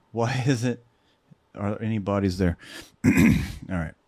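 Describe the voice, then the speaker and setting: A man's voice: fairly low pitch, husky, dry recording. A man co-hosting a casual reaction show, joking, swearing freely and laughing often. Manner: animated, swearing, laughing, jokey. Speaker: podcast co-host.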